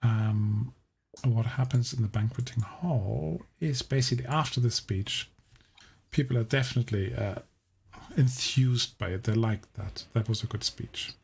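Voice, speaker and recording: A man running a tabletop game as game master, explaining scenes in a measured way with frequent restarts. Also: medium pitch, vocal fry, husky. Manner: measured, explaining, often restarting his sentences.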